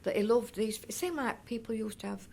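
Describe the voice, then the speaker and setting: A little high and a little mellow, with vocal fry, the voice moves briskly. It's an older woman from North East Derbyshire, England, sharing memories in an oral history interview, chatty and rambling with frequent restarts and fond asides.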